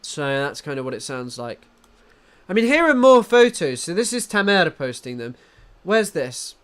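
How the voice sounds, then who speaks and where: Lively bright-voiced Southern English man. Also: fairly high pitch, normal speed, clean tone. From England. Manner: casual and swearing, answers chat as he goes. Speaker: live-stream commentator. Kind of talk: casual live-stream commentary reading chat.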